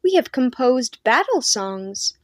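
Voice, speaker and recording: A clumsy young knight pipes up high and loud, earnestly boasting of his skills, as a woman storyteller puts him on. He sounds eager and a little foolish in this storybook tale. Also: sing-song, slow, dry recording.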